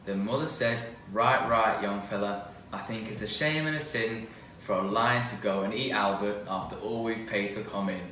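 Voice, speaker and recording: A man's voice: lowish voice, normal speed, pushed and bright, slight background noise. A man reciting a comic verse monologue, speaking the quoted lines in a put-on voice. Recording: roomy and distant from the mic.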